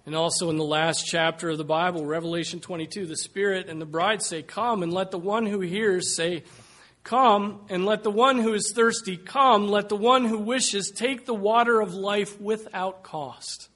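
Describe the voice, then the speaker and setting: High-voiced man preaching earnestly. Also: steady tone, normal speed, few pauses, a bit bright. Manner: earnest, pleading appeals with sudden swells in volume. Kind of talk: sermon.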